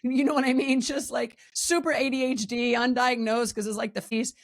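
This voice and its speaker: A woman in her forties, a guest on a podcast, telling a personal story candidly and lively, jumping high in pitch when she acts out what people said. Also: moderate pace. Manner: animated, acts out quoted voices with big pitch jumps. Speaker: podcast guest, wellness coach.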